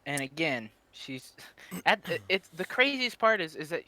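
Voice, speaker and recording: A man co-hosting a podcast, chatting casually, reacting with jokes and quick laughs. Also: fairly high pitch, sing-song, pushed and bright. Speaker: podcast co-host. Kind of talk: casual chat.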